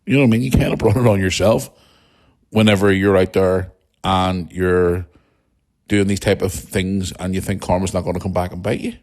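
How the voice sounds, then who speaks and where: A man's voice: sits low, steady tone, normal speed, a little mellow. Blunt, heated man hosting a podcast. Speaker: podcast host. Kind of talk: casual opinion monologue.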